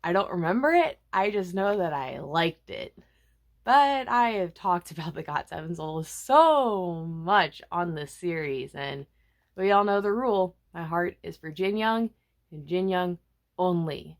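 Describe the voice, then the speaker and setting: A young woman talks through a casual music vlog with a lively voice that rises and falls a lot. She is chatty and self-mocking, tossing in quick asides and sudden bursts of enthusiasm. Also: fairly low pitch. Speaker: K-pop vlogger. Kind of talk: casual chatty album review.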